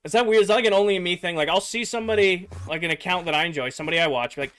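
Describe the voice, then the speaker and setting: Slightly high-voiced casual male streamer. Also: racing, hardly any pauses, fairly bright tone. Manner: rambling, filler-heavy, answering chat. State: losing his voice. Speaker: game streamer. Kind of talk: casual livestream chat with viewers.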